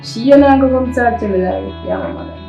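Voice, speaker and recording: A woman's voice: a little high, wildly swooping pitch, a little fast, lo-fi sound, music in the background. A woman playing a defiant teenage daughter, talking back in patois-laced speech. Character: defiant teen daughter with attitude.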